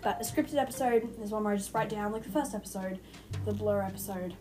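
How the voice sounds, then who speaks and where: A young woman hosting an unscripted fan-theory podcast, excitable and rambling, who speeds up when excited. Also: medium pitch, quick pace, noisy background. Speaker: podcast host. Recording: music playing behind the voice.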